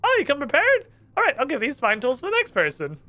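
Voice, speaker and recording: A man voicing an excitable, bossy tutor stranded underwater, in a squeaky, put-on voice. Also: quick pace, dry recording, exaggerated voice. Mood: chirpy.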